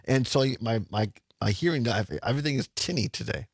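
A man's voice: medium pitch, brisk, gravelly, breathy edge, no room sound, clean studio sound. An older man hosting a radio talk show, chatting casually with many restarts and stammers. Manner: rambling, frequent restarts and stammers. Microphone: studio microphone.

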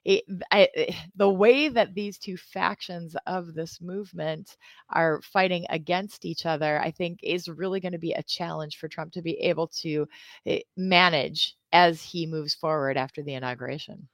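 A woman discussing politics with a co-host in a casual way, animated and building her points with emphatic lists. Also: lowish voice, moderate pace, no room sound. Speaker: political commentator.

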